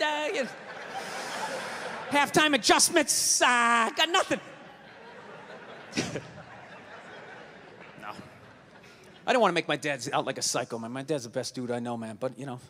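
A man's voice: sits high, pushed and bright, long reverb tail, a little hiss or hum. A man doing stand-up comedy on a stage, ranting profanely with rhetorical asides.

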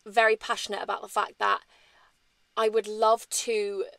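A woman's voice: medium pitch, creaky, a bit bright, no echo. A woman, chatting candidly in a rambling, emotional sit-down vlog. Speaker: vlogger.

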